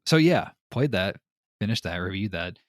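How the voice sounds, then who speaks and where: Man, podcast host, casual chat, lowish voice, dry sound, rambling storyteller. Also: moderate pace, no echo. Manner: animated storyteller, frequent fillers.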